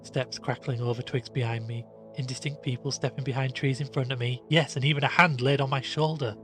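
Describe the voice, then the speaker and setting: A man doing a rueful gentleman telling his ordeal. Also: mid-range voice, brisk, soft background music, lightly acted. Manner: rueful, animated storytelling. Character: young gentleman cyclist, shaken and rueful.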